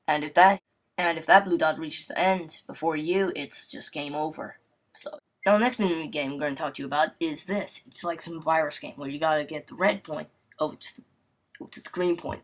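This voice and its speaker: A man's voice: a little high, fairly bright tone. A man giving a casual, rambling game review voice-over, joking irreverently and filling gaps with "I mean, you know". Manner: wisecracking, irreverent.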